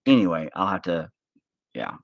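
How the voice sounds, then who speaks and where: Low-voiced swearing guy rambling. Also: sing-song, normal speed, a little hiss or hum. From Oklahoma. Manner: rambling, swears a lot, says "bro". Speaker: vlogger. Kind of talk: casual rambling vlog. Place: at home, kids nearby. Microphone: phone held up.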